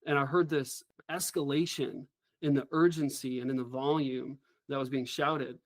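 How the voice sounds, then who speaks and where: A middle-aged man, a former helicopter pilot, telling a story as an interview guest in an earnest, animated way. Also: mid-range voice, normal speed, no room sound.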